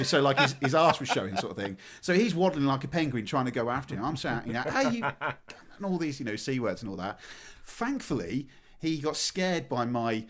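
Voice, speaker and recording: A man, co-hosting a podcast, telling a story in casual chat with laughter and acted-out shouting. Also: medium pitch. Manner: animated, laughs while telling, acts out shouting. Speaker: podcast co-host.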